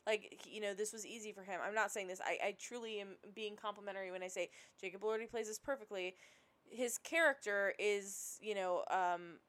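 A woman co-hosting a podcast, telling stories in a chatty, animated way full of "like". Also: medium pitch, fairly quick. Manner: chatty and animated, many likes. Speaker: podcast co-host. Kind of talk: casual film discussion.

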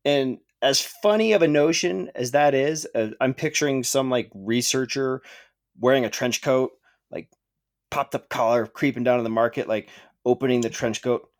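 A man's voice: medium pitch, moderate pace. A man co-hosting a podcast in casual chat, joking and profane with rambling asides. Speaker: podcast co-host.

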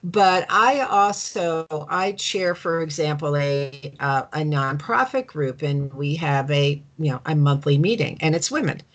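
Low-pitched woman host, hesitant and conversational. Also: a little slow, few pauses. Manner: thoughtful, hesitant, many fillers. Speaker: interviewer. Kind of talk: conversational interview.

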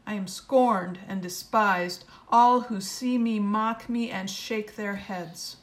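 A woman giving a measured, solemn liturgical reading of scripture at a service. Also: mid-range voice. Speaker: scripture reader.

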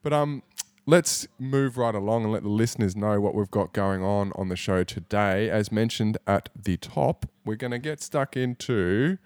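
A man hosts a casual podcast in a low voice. He talks in a laid-back, rambling way, full of fillers. The sound is dry and close. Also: normal speed, darkish tone, smooth, no echo. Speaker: podcast host.

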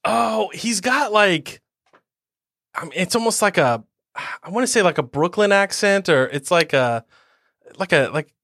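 A man on a casual podcast with a somewhat high, very animated voice, rambling and self-deprecating as he fumbles through quiz answers. The sound is dry and close to the mic. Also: measured pace, no echo.

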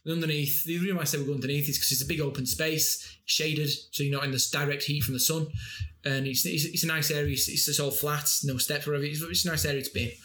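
A man's voice: fairly high pitch, steady tone, fast talker, few pauses, pushed and bright, slight background noise. A man with a Yorkshire accent chatting casually, rambling through stories with lots of restarts. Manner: rambling, with many restarts and tangents. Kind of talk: casual chat. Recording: roomy echo.

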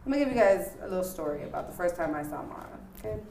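A woman hosting a casual interview show, lively and playful, laughing often as she talks. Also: fairly low pitch, racing, vocal fry, background noise. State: married. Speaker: host. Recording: echoey room.

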